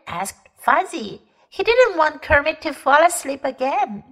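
A woman English teacher reads a bedtime story at a gentle, unhurried pace. Her high voice rises and falls expressively to bring the story to life. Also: lively intonation. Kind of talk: bilingual bedtime story reading.

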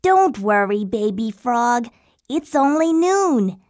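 A woman's voice: on the high side, sing-song, slow, darkish tone, dry recording, clean studio sound. A woman voicing a curious, stubborn older boy frog in a children's storybook, speaking in a playful, insistent way. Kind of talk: storybook acting.

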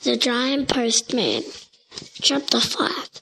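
A woman reading a children's storybook aloud, slow and deliberate, with occasional slips. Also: a little high, big pitch swings, creaky, sharp tone, slight background noise, rough recording.

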